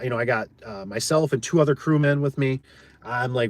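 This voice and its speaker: A man's voice: medium pitch, a little fast, dry recording. A man who runs a garage door business, telling a job story in a rambling, blunt, folksy way and often repeating his words. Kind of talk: casual storytelling chat.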